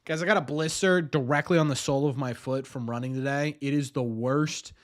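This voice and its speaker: A man's voice: mid-range voice, fairly even intonation, brisk. A young man streaming a baseball watch party, switching between a mock announcer voice and chatty asides to his viewers. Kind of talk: casual livestream commentary.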